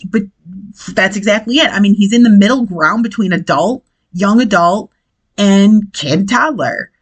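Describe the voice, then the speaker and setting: A woman's voice: medium pitch, low-quality recording. A woman hosting a casual podcast, a mother talking in an exasperated, chatty way and swearing now and then. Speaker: podcast host, parent. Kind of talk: casual monologue. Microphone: desk mic, hits it while gesturing.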